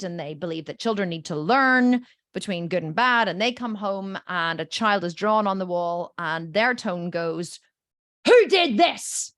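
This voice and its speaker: A woman's voice: medium pitch, a bit bright, no echo, studio quality. A woman coach teaching a group, telling stories with lots of "okay?" and "right?" check-ins and acting out the voices in them. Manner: acts out voices in quotes.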